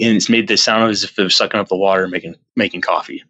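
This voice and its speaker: A man telling a personal story as a podcast guest, earnest and rambling, with many restarts, jumping up in pitch when he acts out his own past lines. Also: steady tone, very fast, pushed and bright, no echo, highs cut off. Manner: earnest, rambling retelling with frequent restarts and fillers. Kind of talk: casual storytelling in an interview.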